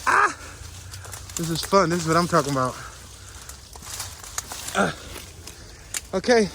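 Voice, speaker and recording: A man casually narrating his hike on a wooded marsh trail outdoors, playful and excitable, whooping and laughing as he walks. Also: sits high, unhurried, creaky, long pauses, noisy background. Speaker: vlogger narrating a hiking walk. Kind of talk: casual walk-and-talk narration.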